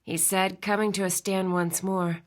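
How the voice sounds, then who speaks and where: Expressive woman audiobook narrator, storytelling voice, soft in tender moments. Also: mid-range voice, measured pace. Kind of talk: scripted narration.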